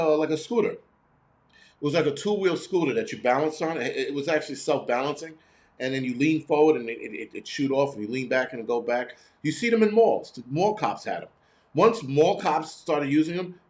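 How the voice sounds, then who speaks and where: Middle-aged male host, profane sarcastic rant to live chat, average pitch.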